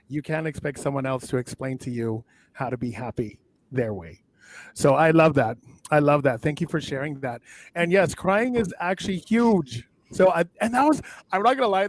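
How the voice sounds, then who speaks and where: A middle-aged man hosts an interview in a chatty, effusive way and repeats himself as he praises his guest. His voice sits fairly high for a man. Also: no echo. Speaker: interview host. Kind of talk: casual interview talk.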